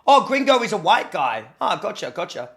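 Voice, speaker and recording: A young Australian man with a bright, forceful voice that sits a little high, talking casually to his stream chat. He jokes around and thanks people for subs, and he sounds a bit sniffly from hay fever. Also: big pitch swings, brisk, creaky. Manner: chatty, joking, reads chat aloud. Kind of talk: casual livestream chat with viewers.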